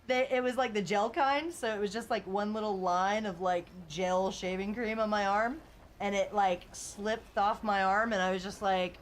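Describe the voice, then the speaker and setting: A woman's voice: mid-range voice, moderate pace, a little hiss or hum. Chatty laughing woman streamer. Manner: rambling and chatty, full of "like" and "you know", laughs often. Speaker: game streamer. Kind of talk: casual live-stream chat, reading viewer comments aloud.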